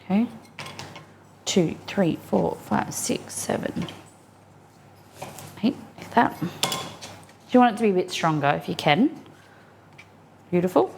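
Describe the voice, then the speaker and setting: A woman streaming from her home kitchen speaks slowly in a lowish, gravelly, expressive voice with long pauses, against a noisy background. She's chatty and upbeat with viewers, responding to chat while she cooks.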